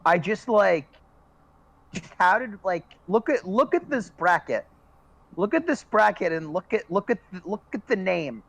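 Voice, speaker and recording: High voiced guy hosting a chill podcast, lots of ums and restarts. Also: sing-song, measured pace, creaky, a bit bright, no room sound, rough recording. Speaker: podcast host. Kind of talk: casual panel chat.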